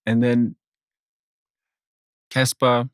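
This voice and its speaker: A man's voice: mid-range voice, monotone, very slow, smooth, no echo, studio quality. A man hosting a podcast in casual chat, arguing his point and repeating himself to keep the floor. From South Africa. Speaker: podcast host.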